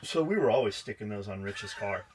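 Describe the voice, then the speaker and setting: A man's voice: fairly low pitch, lively intonation, fairly quick, slight background noise. A man co-hosting a casual podcast, swearing freely, teasing his co-host and reading a listener's comment aloud. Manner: crude, joking, reads listener comments aloud.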